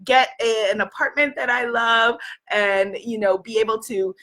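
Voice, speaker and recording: Hoarse, high-voiced woman coach in her fifties. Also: fairly even intonation, moderate pace. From New York City. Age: 50s. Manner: emphatic, repeats affirmations, rising to shouts. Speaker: life coach. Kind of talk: motivational talk.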